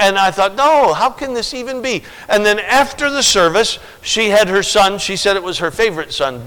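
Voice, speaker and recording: A pastor preaching a sermon and telling stories, swinging from loud, emphatic lines to quiet asides. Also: male voice, mid-range voice, clean tone, in a large hall, low-quality recording. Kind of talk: sermon with storytelling.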